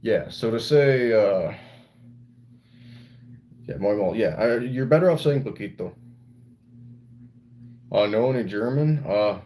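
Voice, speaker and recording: Guy on a live stream rambling w chat, kinda low voice, goofs around in bad spanish. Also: expressive, measured pace, pauses often, warm tone, poor audio. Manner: playful, rambling, mixes broken Spanish into English. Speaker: livestreamer reading chat.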